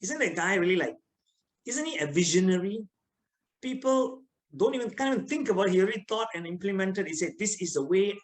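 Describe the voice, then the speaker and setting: Malaysian guy teaching online, high-ish voice, keeps quizzing the students. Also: a little fast, rough recording. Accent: Malaysian English. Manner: lively, teasing, asks students questions. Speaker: lecturer. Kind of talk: online motivational lecture.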